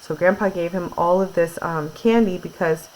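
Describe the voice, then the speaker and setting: Reading to her class, this female teacher has a lowish, darkish voice with fairly even intonation at a normal speed. She reads aloud and then talks the story through casually with fillers, on a rough recording with a little hiss or hum.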